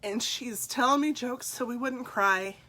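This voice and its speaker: Mother, middle-aged, personal testimony; bright voice, pitched a bit high, halting and emotional. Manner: emotional, halting, with soft laughs. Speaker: speaker sharing her story.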